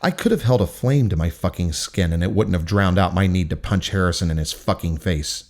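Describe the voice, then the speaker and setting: A man's voice: sits low, animated, brisk, a little mellow. Man narrating an intense, profane first-person story. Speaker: audiobook narrator.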